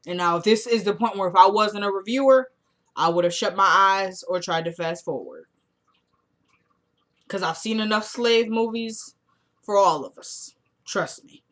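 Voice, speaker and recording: A woman giving a casual, animated recap of a TV episode as a reviewer, telling the story in colloquial speech and acting out the characters' lines. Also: mid-range voice, normal speed.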